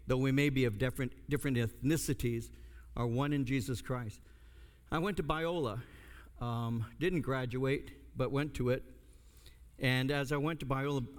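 An older man, a pastor, preaching a sermon and telling a story with comic asides. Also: medium pitch. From United States. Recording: long hall reverb.

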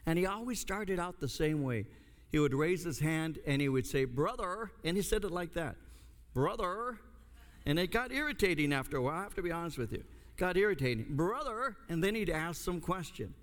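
An older American man, a pastor, preaches a sermon and tells a story with comic asides. His voice is on the high side, expressive and fast, and the recording carries a long hall reverb.

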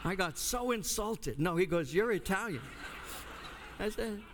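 A man's voice: sits high, expressive, moderate pace, background noise. An older man, a pastor, preaching a sermon and telling a story with comic asides. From United States. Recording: long hall reverb.

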